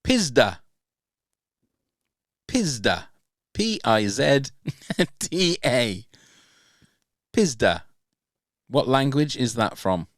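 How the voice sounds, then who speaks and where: A man's voice: medium pitch, big pitch swings, dry recording. Guy hosting a podcast quiz, bouncy voice, dry close sound, teasing and giggly. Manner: teasing, spells words out slowly, laughs often. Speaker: podcast host running a quiz. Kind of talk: casual quiz banter.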